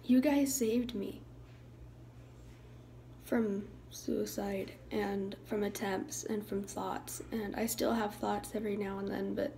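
A young woman talking to her viewers in a soft, halting way, sometimes dropping into a hushed, whispery voice. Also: mid-range voice, steady tone, gravelly, slight background noise, poor audio. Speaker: YouTuber. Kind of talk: emotional vlog talk to viewers.

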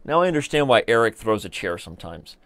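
A man in his thirties hosts a live stream in a relaxed, joking way, reading viewer comments aloud. His voice sits on the low side. The desk mic gives a dry, close sound with no room echo. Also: fast. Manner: chatty, joking, reads viewer chat aloud. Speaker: chess streamer host. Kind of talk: casual live-stream chat while playing.

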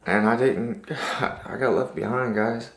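A man's voice: mid-range voice, slow pace, reverberant. A man telling a personal dream story in a casual, rambling and earnest way, full of restarts.

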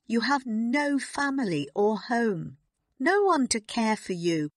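A woman's voice: mid-range voice, slow pace, no echo, studio quality, lightly acted. A woman voicing a stern, cold headmistress in an audiobook, speaking in a commanding, scolding tone. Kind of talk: audiobook character reading.

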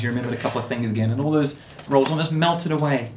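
A man running a tabletop game as game master, narrating scenes in a relaxed way with fillers. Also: mid-range voice, rapid-fire, a crowd in the background. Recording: echoey room.

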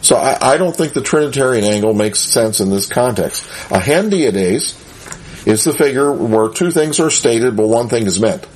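A man's voice: medium pitch, animated, moderate pace, darkish tone, slight background noise. A man giving a conversational Bible lesson, chuckling often and asking his listeners rhetorical questions. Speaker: Bible teacher.

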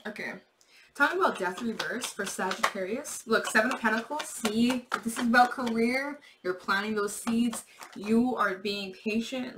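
A woman's voice: a little high, moderate pace, background noise. A young woman giving a casual, rambling tarot reading, repeating herself, swearing and laughing. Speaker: tarot reader.

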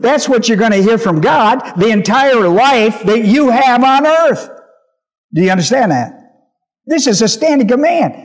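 Emphatic high-voiced male pastor. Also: animated, a little slow, pauses often, slight background noise. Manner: emphatic, repeats key phrases, checks listeners' understanding. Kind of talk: Bible teaching sermon.

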